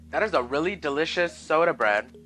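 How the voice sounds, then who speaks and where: A bright, forward-sounding man chats sassily through a home cooking vlog. He swears freely and keeps calling his viewers "girl" and "honey". Faint music sits behind his voice in the kitchen. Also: a little high, lively intonation, a little fast, poor audio. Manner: sassy, profane, talks to viewers as "girl" and "honey". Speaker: cooking vlogger.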